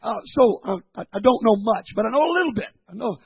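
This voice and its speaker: A man preaching a sermon, halting and repeating words as he teaches, then rising to shouted fervor. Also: very high-pitched, expressive, breathy edge, muffled recording.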